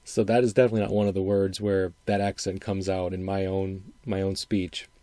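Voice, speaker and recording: A middle-aged man from Wisconsin talks through his solo podcast with a faint upper Midwestern lilt. His voice sits low and mellow, and it is recorded close and dry. He rambles, repeats himself and thinks out loud as he goes. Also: level tone, brisk, no room sound. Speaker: podcast host. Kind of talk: casual solo podcast commentary.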